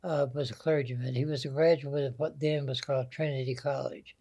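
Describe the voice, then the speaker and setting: A man's voice: medium pitch, steady tone, a little fast, warm tone, breathy edge. An older man with a Southern American accent, telling folksy family stories as an interview guest. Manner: folksy, anecdotal storyteller. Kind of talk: storytelling interview.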